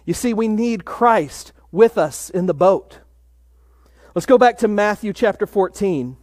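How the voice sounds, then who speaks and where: A man preaching a sermon in a measured way, dropping to a hush for emphasis. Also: high-pitched, lively intonation, no room sound, clean studio sound. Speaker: pastor.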